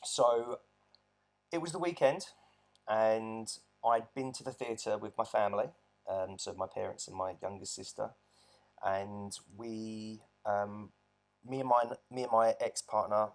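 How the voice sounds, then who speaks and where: A man's voice: on the low side, creaky. A man talking earnestly about his own experience in a reflective storytelling monologue, often restarting his sentences. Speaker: abuse survivor vlogger.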